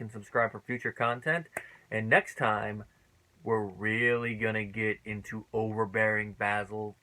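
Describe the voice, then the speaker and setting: A man giving a casual spoken review of a TV episode, chatty, laughing often and filling his pauses with "uh". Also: lowish voice, sharp tone, rough recording.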